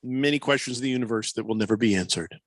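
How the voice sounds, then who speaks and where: A man's voice: mid-range voice, quick pace, no echo. A man hosting a sports radio show, giving joking, mock-authoritative advice in casual studio banter.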